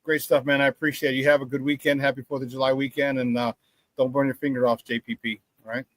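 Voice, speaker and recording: A man's voice: mid-range voice, level tone, quick pace, dry recording. A man hosting a casual sports talk show, joking and repeating words for emphasis.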